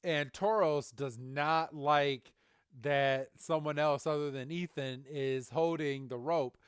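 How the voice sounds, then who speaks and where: A man hosts a casual podcast and recaps an episode in a chatty way, laughing often. His voice is smooth and clear and sits slightly high. The sound is dry and close. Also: fairly even intonation, slow, dry recording. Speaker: podcast host. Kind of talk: casual chat.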